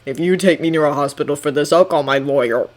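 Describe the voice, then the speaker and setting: A weary, grumpy man mutters in a low, quiet voice that is stuffy from tears, as a woman puts him on. His delivery is flat and mumbled, held low and close. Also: fast, lightly acted. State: teary and stuffy. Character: tired, tearful adult man, flat and grumpy.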